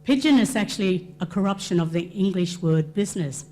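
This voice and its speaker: A woman's voice: medium pitch, animated, dark tone, faint music behind. Woman giving an explanatory talk. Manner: explanatory, with quick asides and acted-out quotes. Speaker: cultural awareness presenter. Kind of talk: presentation to an audience.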